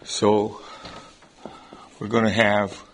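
A man's voice: fairly low pitch, monotone, drawn-out words, a bit bright. A man teaching a Bible study class in a classroom lecture style. He explains things step by step, often checks in with his listeners, and repeats words as he starts a thought.

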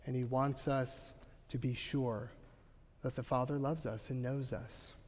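Earnest preacher in a reverberant hall. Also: male voice, medium pitch, steady tone, measured pace, a little mellow. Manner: earnest, emphatic preaching with frequent "Right?" asides. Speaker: pastor. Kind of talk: sermon.

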